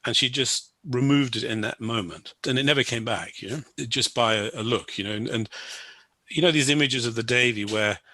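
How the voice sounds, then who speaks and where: Male guest, crisp dry voice, meandering anecdote full of restarts. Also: medium pitch, brisk, pushed and bright, no room sound. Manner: rambling, full of "you know" and restarts. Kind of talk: personal storytelling.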